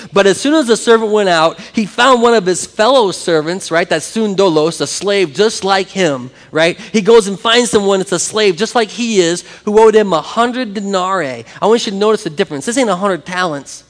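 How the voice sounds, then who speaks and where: High-voiced pastor preaching. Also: male voice, big-room sound. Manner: lively, conversational preaching with audience interaction. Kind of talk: sermon. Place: church sanctuary with congregation.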